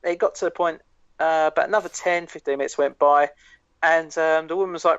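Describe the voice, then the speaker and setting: A man's voice: a little high, steady tone, brisk, fairly bright tone, clean tone, no echo. Man, podcast co-host, rambling anecdotes, swearing, dry close sound, dull lo-fi audio. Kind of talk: casual chat, storytelling.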